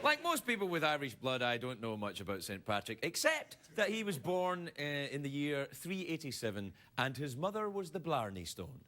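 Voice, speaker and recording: A man's voice: on the high side, normal speed, hardly any pauses, a little hiss or hum. A middle-aged man, hosting a late-night talk show and joking through a comic monologue. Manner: animated, joking, laughing at own jokes. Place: TV studio with live audience.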